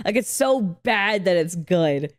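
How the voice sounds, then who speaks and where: A woman hosting a video reaction, chatting casually as an animated storyteller who laughs often and swears freely. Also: fairly low pitch, slow pace, no echo, clean studio sound. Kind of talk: casual chat.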